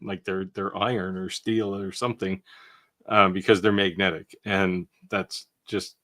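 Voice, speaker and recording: Sex: man. Role: co-host of a live maker Q&A. Style: casual live chat. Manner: explains technical details plainly. Pitch: low. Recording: dry, close sound. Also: little pitch movement, a little slow, pushed and bright, dry recording.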